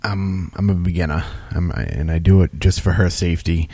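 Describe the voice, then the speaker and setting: Brief: man co-hosting paranormal radio, jokey and blunt, very low voice, dry sound. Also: steady tone, brisk, vocal fry, warm tone, dry recording. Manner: joking, self-deprecating, blunt. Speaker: co-host of a paranormal radio show. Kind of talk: casual banter.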